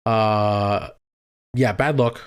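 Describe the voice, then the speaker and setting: A man's voice: fairly low pitch, extremely slow, smooth. A young man co-hosting a casual podcast, steadily leading the topics and asking his co-host questions. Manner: steady, leads the segments, asks questions. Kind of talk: casual chat.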